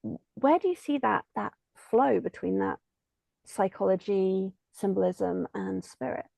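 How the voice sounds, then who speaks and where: Gravelly, mellow-voiced woman host. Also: medium pitch, unhurried, dry recording. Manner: thoughtful, probing questions. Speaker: podcast host. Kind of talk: casual interview chat.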